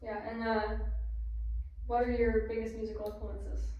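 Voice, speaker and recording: A woman hosting a casual podcast interview, her voice sitting a little high. She asks questions with plenty of ums and uhs. The mic is some distance away in a roomy, echoing space. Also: flat delivery, moderate pace, highs cut off, a little hiss or hum. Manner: asks questions with many fillers. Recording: echoey room, distant mic.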